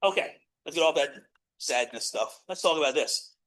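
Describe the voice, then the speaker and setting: Casting: middle-aged American professor, earnest motivational lecturer, blunt, bright forceful tone. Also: male voice, fairly high pitch, normal speed, poor audio. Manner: blunt, earnest, swears casually, swings from loud to hushed. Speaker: positive psychology professor.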